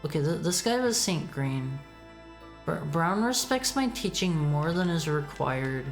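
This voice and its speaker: A woman's voice: low-pitched, big pitch swings, unhurried, faint music behind. A woman chatting casually while streaming a retro game, stammering and repeating words, reading text aloud. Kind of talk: casual gaming stream chat.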